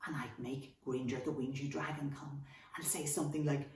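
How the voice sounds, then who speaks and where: An Irish woman and children's author giving a storytelling workshop for kids in an animated, expressive way. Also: a bass voice, normal speed. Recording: echoey room, from a distance.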